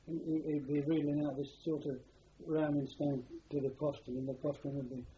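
This older man, once a prisoner of war, is being interviewed for an oral history and wanders through wartime memories, repeating himself as he goes. His fairly high, mellow, husky voice has a flat delivery and runs a little fast. The recording is a dull lo-fi archive tape carrying a faint hiss.

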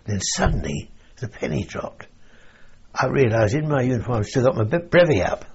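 A man's voice: mid-range voice, sing-song, normal speed, vocal fry, husky. An older man from England, telling wartime memories in a rambling oral-history interview, chuckling and saying "you see" as he goes. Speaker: veteran interviewee. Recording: dull lo-fi recording.

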